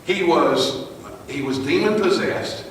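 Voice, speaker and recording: A man preaching to a live audience, retelling a scene vividly and dropping to a hush for tension. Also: a little high, animated, slow. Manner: vivid, shifts from loud to hushed. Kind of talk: dramatic storytelling sermon. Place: live venue, large hall. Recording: echoey hall from a distance with noise.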